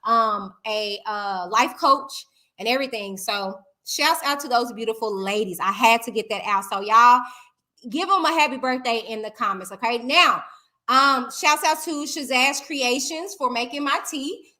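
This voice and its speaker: A high, bright-voiced woman. She chats in a lively, loose way, full of fillers and "okay?" tags. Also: moderate pace. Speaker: talk show host. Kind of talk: live-stream chat.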